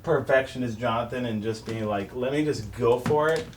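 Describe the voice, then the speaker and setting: A man's voice: mid-range voice, normal speed. A man recording in a studio, joking around and trying lines again and again. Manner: playful, laughing, tries lines repeatedly. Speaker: recording artist. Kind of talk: casual studio banter. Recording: roomy, distant, noisy studio mic.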